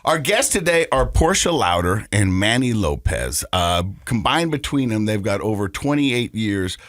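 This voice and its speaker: A man's voice: fairly low pitch, moderate pace, dry recording, studio quality. A man co-hosting a podcast, chatting casually and telling stories with acted-out voices. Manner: animated storyteller, acts out voices. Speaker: podcast co-host.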